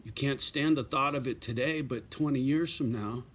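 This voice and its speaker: A man's voice: mid-range voice, normal speed, bright, forceful tone. A middle-aged man giving blunt, profane advice in a casual straight-talking monologue, often tagging lines with "right?" and "you know".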